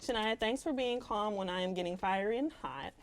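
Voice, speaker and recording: A woman's voice: mid-range voice, brisk. A young woman in casual chat, reading a heartfelt farewell letter to a co-host. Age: young adult. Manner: emotional, laughing, Southern "y'all" slang.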